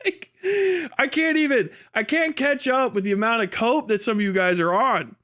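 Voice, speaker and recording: Profane ranting man, high voice. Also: normal speed, sharp tone, clean tone. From United States. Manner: heated, profane, mocking, breaks into laughs. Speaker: livestream host. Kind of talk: profane livestream rant.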